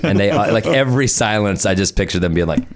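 A man's voice: on the low side, lively intonation, quick pace, a little hiss or hum. A man appearing as a comedian guest on a podcast, wry and playful, swearing freely in casual comedy chat.

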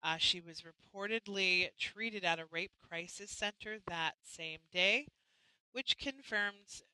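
A woman's voice: lowish voice, takes it slowly, pushed and bright, no echo, low-quality recording. A woman hosting a live chat show, talking casually and chattily, often restarting and apologizing. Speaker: host.

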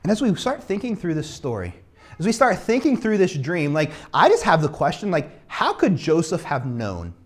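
Male pastor, casual animated sermon delivery, playful character asides. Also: on the high side, moderate pace. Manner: animated storytelling, acts out biblical characters casually.

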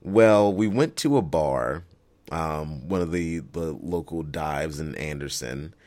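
Low-voiced man telling stories. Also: takes it slowly. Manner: lively storyteller who laughs often. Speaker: podcast co-host. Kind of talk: casual chat.

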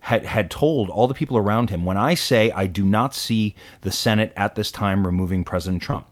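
A man co-hosting a casual political talk show, opinionated and animated, with quick asides. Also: lowish voice. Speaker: podcast co-host.

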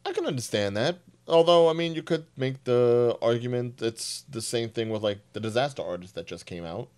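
A relaxed man talks things over as a podcast co-host. He sounds blunt and easygoing, with a middle pitch for a man. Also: normal speed, clear, resonant tone. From New Jersey. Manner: laid-back, blunt, casual swearing. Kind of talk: casual chat.

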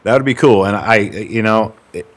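Low-voiced california dude on a podcast, cussing and rambling. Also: male voice, moderate pace. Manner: profane, rambling. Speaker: podcast host. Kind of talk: casual podcast chat.

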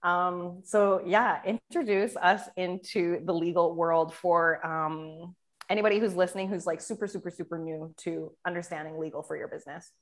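A woman's voice: lowish voice, fairly even intonation, moderate pace. A woman hosting a business podcast, gushing and laughing often as she introduces her guest. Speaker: podcast host. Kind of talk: casual podcast chat.

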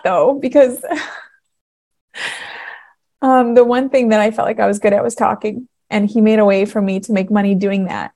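A woman's voice: mid-range voice, darkish tone. A woman in her thirties hosting her own faith podcast, telling her story in a casual, earnest way and getting emotional as she talks. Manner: emotional, earnest, laughing through tears. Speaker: podcast host.

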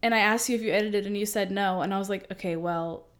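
A young woman co-hosting a podcast talks very fast at a medium pitch, chatting casually. She giggles and animatedly retells her own stories, acting out the quotes.

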